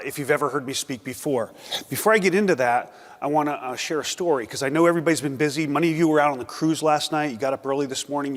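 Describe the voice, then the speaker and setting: A middle-aged man giving a casual, joking talk at a conference, full of fillers. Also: medium pitch. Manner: joking, conversational, many fillers. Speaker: conference speaker. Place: conference hall. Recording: reverberant hall.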